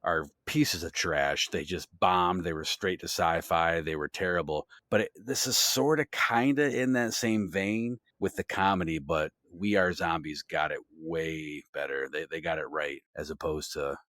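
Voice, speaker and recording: A man's voice: low voice, measured pace, few pauses, fairly bright tone, dry recording, clean studio sound. A man co-hosting a casual podcast, talking enthusiastically, swearing freely and rambling through asides. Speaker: podcast co-host.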